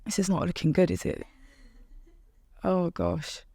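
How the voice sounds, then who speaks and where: A woman, chatting on a podcast in a bright, animated way. She laughs often and acts out her own past words in quoted voices. Her voice is dry and close to the mic, with no room sound. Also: fairly low pitch, measured pace, breathy edge, no room sound. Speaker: podcast guest, fitness instructor. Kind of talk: casual interview chat.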